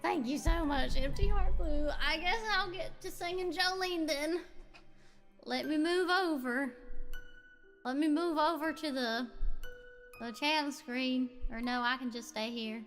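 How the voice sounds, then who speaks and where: A woman with a high, hoarse voice talks in an unhurried, easygoing way on her livestream. She sighs and pokes fun at herself as she chats, with faint backing music playing quietly behind her. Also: big-room sound. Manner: chatty and self-mocking, with sighs. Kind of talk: casual stream chat.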